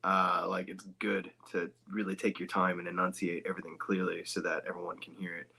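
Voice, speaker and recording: Deep, bright-toned man chatting loosely. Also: level tone, gravelly, breathy edge. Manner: loose, rambling, swears casually, quick asides. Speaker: guest voice actor. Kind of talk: casual podcast chat.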